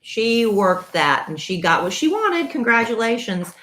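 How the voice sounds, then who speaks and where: A woman's voice: a little high, sing-song, measured pace, a bit bright. A woman co-hosting a casual podcast, making blunt, sarcastic remarks. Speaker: co-host.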